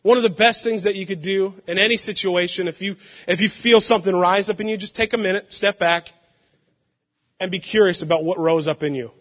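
Young male pastor, lively storytelling sermon, muffled recording. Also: sits high, brisk. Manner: animated, laughing storytelling with sudden loud outbursts. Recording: muffled sound with long hall reverb.

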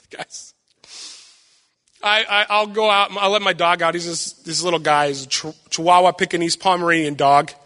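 A young man giving a sermon with personal stories, loud and animated, self-deprecating and acting out what people say. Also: high-pitched, moderate pace, in a large hall. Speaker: preacher.

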